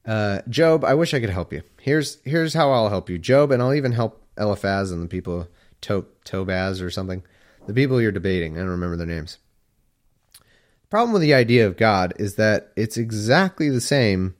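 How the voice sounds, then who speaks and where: A man reading old scripture aloud slowly, breaking off for irreverent, wry asides. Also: fairly low pitch, animated.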